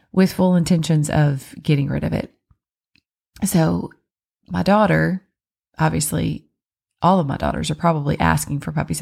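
A woman in her thirties, a mother of four, telling a personal story in a chatty, animated way and acting out what people said. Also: sits low, gravelly.

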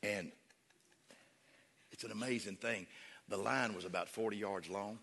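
A man preaching a sermon as a pastor, switching between loud shouted praise and soft folksy storytelling. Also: lowish voice, measured pace, gravelly. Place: large church hall with congregation. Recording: long hall reverb with faint crowd.

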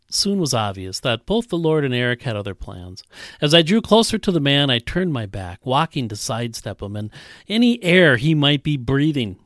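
A man's voice: a bit bright, dry recording. Man reading a sermon story in a dry voice. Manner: reads a story aloud, voicing characters with big pitch jumps. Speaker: pastor. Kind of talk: sermon with read-aloud story.

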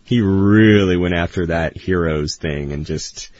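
A man's voice: low-pitched, measured pace, darkish tone, no room sound, dull audio. A man from the United States co-hosting a podcast in casual chat, with dry, teasing humor. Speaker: podcast co-host.

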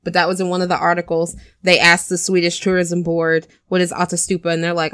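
A woman with a slightly low voice retells a film's plot for a podcast, loose and chatty. She bounces into the characters' lines as she goes. The recording is dry and close, with no room sound. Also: fairly quick, few pauses, clean tone, no echo. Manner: animated, acts out characters' lines with cursing and laughs. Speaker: podcast co-host retelling a film. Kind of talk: casual chat.

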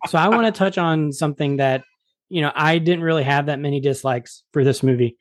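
Faint music plays behind this man, whose voice sits on the high side and moves a little quickly. Hosting a laid-back movie review podcast, he sounds enthusiastic and frequently repeats his words.

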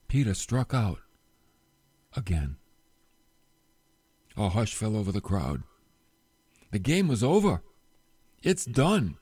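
A man preaching a sermon, retelling a Bible story with animated storytelling and rhetorical questions, going low and soft at solemn moments. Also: breathy edge, no room sound, clean studio sound. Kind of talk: sermon podcast.

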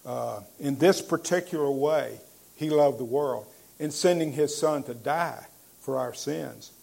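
A man preaching a sermon, emphatic at times, with frequent "uh" pauses, and slowing down to read scripture. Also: mid-range voice, creaky, darkish tone. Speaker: pastor.

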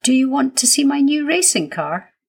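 A woman's voice: sits high, sing-song, normal speed, gravelly, breathy edge, pitched above the performer's own voice, exaggerated voice. A woman doing an eager small boy's voice. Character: small shy excited young boy.

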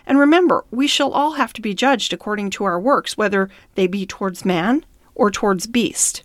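A woman reading the lines of a stern, principled gentleman who scolds others over their treatment of horses. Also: medium pitch, moderate pace, no room sound, close to an everyday voice. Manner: stern and reproving.

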